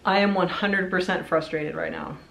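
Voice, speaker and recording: A woman's voice: lowish voice, steady tone, moderate pace, creaky, fairly bright tone. A young woman talking casually to her viewers in a home vlog, chatty and rambling, sometimes frustrated. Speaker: vlogger. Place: indoors at home, lying on the floor.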